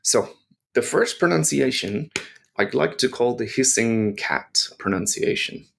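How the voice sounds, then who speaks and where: A man's voice: mid-range voice, expressive, measured pace, vocal fry, a bit bright, slight background noise. A man teaching pronunciation to learners, patiently explaining and modelling each sound. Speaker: language teacher.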